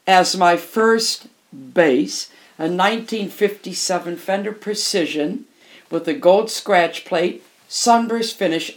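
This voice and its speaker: An older woman, a musician and interview guest, telling candid stories in an emphatic way and often repeating phrases for emphasis. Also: lowish voice.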